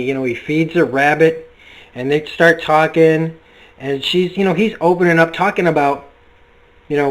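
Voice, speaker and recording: A man casually reviewing a comic book, talking in an excitable, rambling way and swearing freely. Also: fairly high pitch, low-quality recording.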